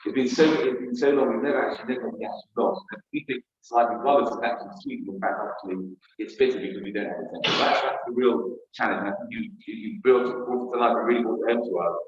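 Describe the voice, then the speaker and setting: A man's voice: mid-range voice, fast talker. A man, a rabbi, giving a reflective sermon, often repeating words as he thinks. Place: synagogue. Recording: echoey hall, lo-fi.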